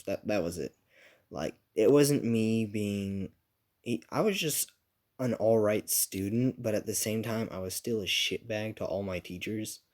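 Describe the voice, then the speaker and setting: Profane rambling young man, lowish voice. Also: darkish tone. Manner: rambling, profane, self-mocking. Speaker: storyteller recounting a school story. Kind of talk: casual storytime vlog.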